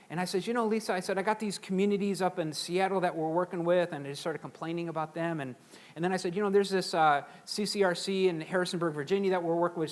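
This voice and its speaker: A middle-aged man giving a motivational seminar talk to a live audience, animated and acting out quoted voices. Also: a little high. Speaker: seminar speaker.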